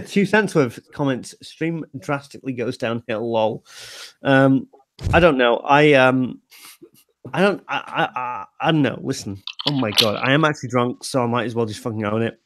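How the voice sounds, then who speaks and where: A man's voice: medium pitch, moderate pace, dry recording. Tipsy man rambling as livestream host. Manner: rambling with many fillers and restarts. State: tipsy, slurring. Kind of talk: casual group livestream chat.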